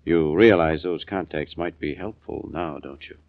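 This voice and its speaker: An actor playing an earnest, persuasive insurance adjuster in 1940s radio acting on a tinny old recording. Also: male voice, very deep voice, moderate pace, creaky, no room sound, full character voice.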